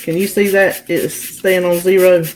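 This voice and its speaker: A woman's voice: lowish voice, little pitch movement, a little slow, a little mellow, slight background noise. A woman hosting her own cooking channel, chatting viewers through each step of a recipe in her home kitchen. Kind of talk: casual cook-along demonstration.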